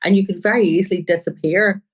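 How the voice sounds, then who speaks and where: A woman's voice: mid-range voice, fairly even intonation, fast talker, slightly rough, rough recording. A woman journalist, a guest on a crime podcast, talking earnestly and often quoting people she met. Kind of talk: podcast interview.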